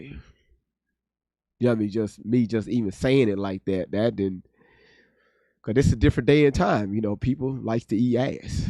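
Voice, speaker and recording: A man's voice: mid-range voice, a little mellow, no echo, clean studio sound. A man hosting a reaction video, ranting bluntly with plenty of profanity. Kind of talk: casual commentary.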